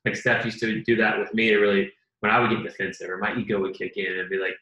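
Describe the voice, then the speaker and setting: A man's voice: fairly low pitch, steady tone, fast talker, sharp tone, highs cut off. A man co-hosting a casual advice chat, talking earnestly and acting out bits of dialogue. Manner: earnest, acts out quoted dialogue. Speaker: co-host. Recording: echoey room.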